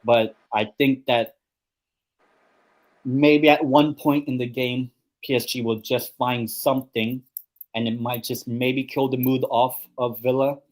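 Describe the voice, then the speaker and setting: A young man hosting a live football watchalong at a desk mic, chatting loosely about the match and his predictions. He talks in a middle-pitched voice and keeps rambling, padding his sentences with ums and obviouslys. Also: steady tone, a little slow. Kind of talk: casual chat and match predictions.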